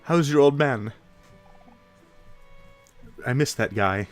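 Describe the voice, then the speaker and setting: A man's voice: medium pitch, slow, faint music behind, voice pushed up, lightly acted. A man voicing a breezy male mole worker in a clumsy, stereotyped fake French accent.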